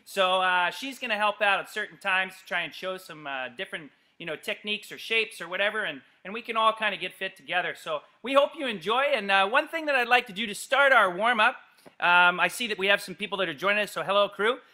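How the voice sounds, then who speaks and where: Leading children through exercises live from an empty gym, this middle-aged coach uses a high, brisk voice. He's full of energy, shouting instructions and playful yells that echo around the space.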